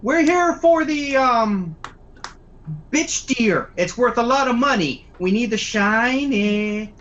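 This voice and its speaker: A woman putting on a greedy henchman who drawls his demands. The voice is high and lively but very slow. It comes over a dull, lo-fi voice chat. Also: slight background noise. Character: greedy male henchman after treasure.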